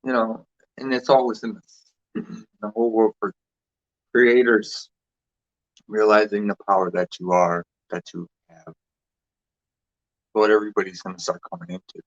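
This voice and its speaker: Rambling man with a low, dull-toned voice. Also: little pitch movement, moderate pace, pauses often. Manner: loose, repetitive, restarts with fillers. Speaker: livestream host. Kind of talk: rambling casual livestream chat.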